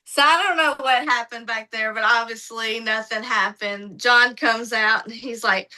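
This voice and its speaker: Bright, high-voiced woman telling stories. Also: unhurried, hardly any pauses, low-quality recording. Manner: lively, acts out other people's lines in her retelling. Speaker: podcast guest. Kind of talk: casual storytelling.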